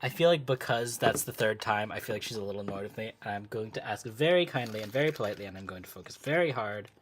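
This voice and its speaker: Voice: mid-range voice, fast. A chatty live-stream host with a mid-range voice, talking to viewers while doing a craft project at home. The speaker drifts between thoughts and breaks into frequent laughs. Faint noise sits under the voice. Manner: chatty and easily sidetracked, laughing often; talks to live chat. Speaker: livestream host.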